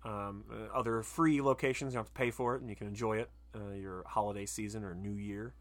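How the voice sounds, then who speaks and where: A man's voice: fairly low pitch, fairly even intonation, fast. Laid-back male podcast host. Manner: loose and joking, with frequent laughs and fillers. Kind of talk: casual podcast sign-off.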